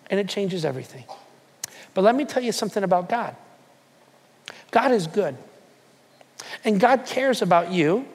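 A man preaching a sermon to a church, emphatic and repetitive, sinking into soft prayer. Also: high-pitched, big-room sound. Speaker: pastor. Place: church hall.

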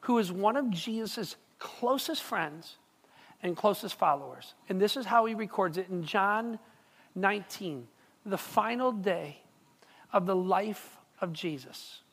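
A pastor preaching a sermon in a relaxed, conversational way, often repeating words and checking in with the listeners. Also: medium pitch, unhurried, creaky, slightly rough. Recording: long reverb of a large hall.

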